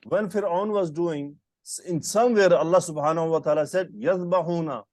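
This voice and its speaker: A man's voice: on the high side, a little fast, darkish tone, no echo, studio quality. A man teaching Arabic grammar in an online lesson, patiently quizzing his student with short questions over a call. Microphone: computer mic on a video call.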